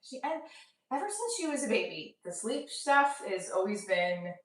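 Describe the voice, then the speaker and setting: A woman's voice: medium pitch, very animated, moderate pace, distant mic. A woman in her thirties, a stand-up comic, talking candidly to camera in a rambling, casual vlog, swearing and laughing at herself. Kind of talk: casual self-talk vlog. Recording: roomy echo, voice a bit off-mic.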